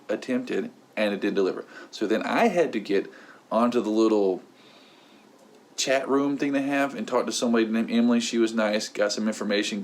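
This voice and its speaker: A man's voice: on the low side, a little hiss or hum. A young man hosting his own channel, telling a long rambling story in a casual unboxing vlog. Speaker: host.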